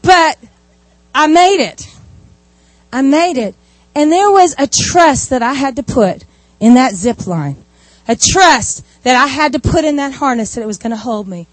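A woman giving a sermon, telling stories in a lively way with asides. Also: high-pitched, a little slow, dry recording. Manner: animated storytelling with asides. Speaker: preacher.

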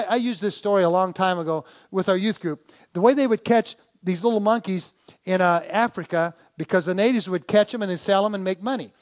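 A man preaching a sermon to a congregation, telling stories and asking the listeners to turn to their neighbors. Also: sits high. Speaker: pastor.

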